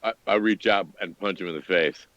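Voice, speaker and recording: A man playing a tabletop game, joking around with quick gags. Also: deep voice, fairly bright tone, no room sound, lo-fi sound. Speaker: player.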